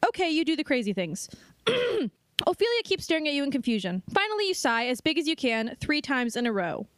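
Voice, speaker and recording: A woman's voice: high voice, big pitch swings, brisk, dry recording, clean studio sound. A young woman co-hosting a podcast, chatting casually and reading a book aloud, giggly and prone to laughing fits. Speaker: podcast co-host.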